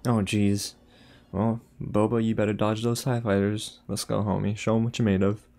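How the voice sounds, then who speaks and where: Excitable young man, gravelly low voice. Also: moderate pace. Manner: excitable, talks to viewers, frequent exclamations. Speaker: YouTube reaction host. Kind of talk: casual reaction commentary.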